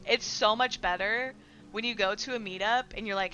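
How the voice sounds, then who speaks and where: A woman's voice: mid-range voice, moderate pace, bright, forceful tone, faint music behind. A woman streamer chatting casually with her live chat, rambling with lots of filler words and casual swearing.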